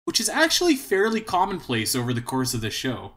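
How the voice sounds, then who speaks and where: A man's voice: mid-range voice, wildly swooping pitch, a little fast, fairly bright tone. A man co-hosting a podcast, chatting casually and joking, often trailing off mid-sentence. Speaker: podcast co-host. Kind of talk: casual chat.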